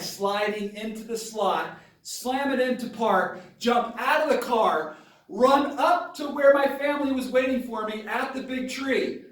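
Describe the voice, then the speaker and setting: A father telling a personal story to his camera in a dramatic, excitable way, with sudden bursts of yelling. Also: high voice. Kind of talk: animated story time on camera. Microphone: camera mic at a distance. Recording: very echoey room, voice far from camera.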